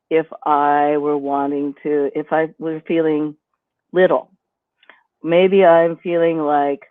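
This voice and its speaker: A woman teaching on a live stream, explaining her points by demonstrating them with her own voice. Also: deep voice. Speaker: guest instructor. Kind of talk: instructional live-stream chat. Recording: dry, phone-like line.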